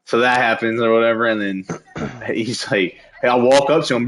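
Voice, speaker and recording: A young man streaming and chatting casually while gaming, venting in a profane, animated way about a coworker. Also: mid-range voice, normal speed.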